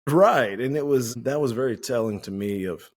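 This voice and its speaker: A man co-hosting a podcast, casually telling a firehouse story in a relaxed, anecdotal way and acting out the lines of the people in it. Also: medium pitch, normal speed. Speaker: podcast co-host; firefighter.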